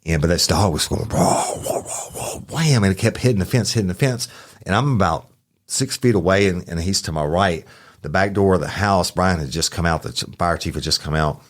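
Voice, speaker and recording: A man tells a true-crime story in a rambling, profane way. His voice sits extremely low. The recording is dry and close, with no room sound. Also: fairly quick, no echo. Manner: rambling, profane, self-correcting. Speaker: podcast host, former police officer.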